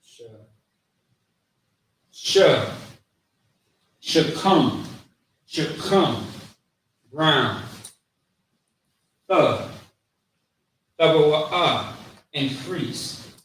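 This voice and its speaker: Guy teaching a class way off mic, super echoey room, bit of a high voice. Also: a bit bright, a little hiss or hum. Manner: slow drilling, repeating each word with its meaning; informal, many fillers. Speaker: language teacher. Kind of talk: classroom lesson. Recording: very echoey room, distant mic, faint ambience.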